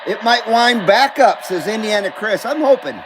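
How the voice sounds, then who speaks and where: A man's voice: sits high, expressive, normal speed, noisy background. A man hosting a live stream in casual chat, reading viewer comments aloud and coughing now and then. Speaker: host.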